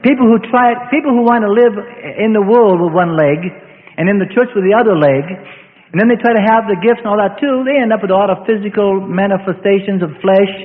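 A high-voiced middle-aged man delivers an impassioned sermon, leaning into emphatic lists and sudden acted asides. The sound is thin and phone-like. His words ring out with a long reverb tail, as if he is preaching in a large hall. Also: fairly quick. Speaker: pastor. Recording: tinny lo-fi recording in a reverberant hall.

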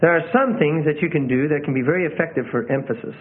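A man's voice: on the high side, quick pace. Man teaching preachers over tinny audio. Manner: conversational, repeats phrases, self-corrects. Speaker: preaching instructor. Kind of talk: teaching on sermon delivery.

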